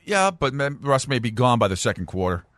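A man's voice: medium pitch, very animated, a little fast, fairly bright tone, no room sound. A man co-hosting a sports talk show, opinionated and emphatic.

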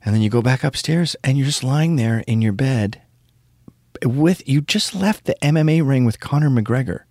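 A man's voice: medium pitch, lively intonation, normal speed, darkish tone, no room sound, clean studio sound. A middle-aged man hosting his own show, telling crude stories in a ranting casual monologue. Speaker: show host.

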